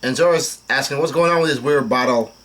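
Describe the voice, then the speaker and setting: A man's voice: medium pitch, fairly quick, a bit bright. A young man casually reading comic dialogue aloud and commenting, with many fillers and restarts as he goes. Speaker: manga reaction host.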